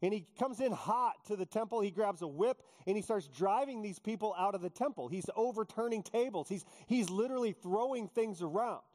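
A male pastor preaching a sermon, joking with the congregation and acting out quotes in animated storytelling. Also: high voice, fairly quick, few pauses. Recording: long hall reverb.

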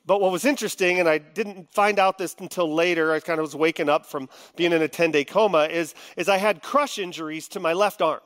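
A middle-aged man preaching a sermon, heartfelt, moving between quiet confiding and loud, impassioned venting. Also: on the high side, brisk, hardly any pauses. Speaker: pastor.

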